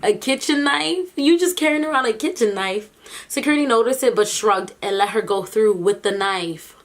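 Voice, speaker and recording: Incredulous, animated woman vlogger. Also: fairly high pitch, normal speed. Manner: animated, incredulous, laughs between remarks. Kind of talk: casual reaction commentary.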